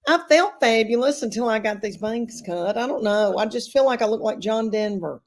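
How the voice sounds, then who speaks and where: A woman in her fifties with a slightly higher voice. She chats as a comedy guest in a folksy, self-deprecating way and keeps calling people honey. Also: normal speed. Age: 50s. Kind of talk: casual chat.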